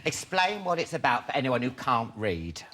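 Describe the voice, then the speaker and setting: A man's voice: medium pitch, sing-song, normal speed. A man hosting a chat show, camp and gushing, often breaking into giggles. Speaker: host. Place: TV studio with live audience. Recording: loud studio audience and noise.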